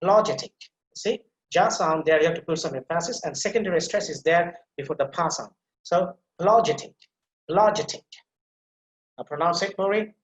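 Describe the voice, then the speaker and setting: A man teaches a pronunciation class, splitting words into sounds syllable by syllable and repeating them so learners can copy. His voice is on the high side, a little fast with hardly any pauses, recorded in an echoey room.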